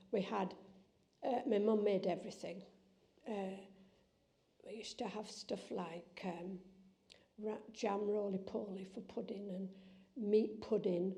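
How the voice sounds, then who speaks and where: A woman's voice: medium pitch, gravelly, dark tone. An older woman fondly recalling her childhood meals in an oral history interview.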